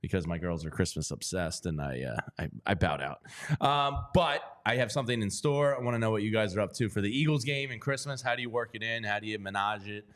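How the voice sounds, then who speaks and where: A man's voice: fairly low pitch, quick pace, a bit bright. A man co-hosting a sports talk show, chatting loosely, joking and stumbling over his words. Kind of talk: casual chat.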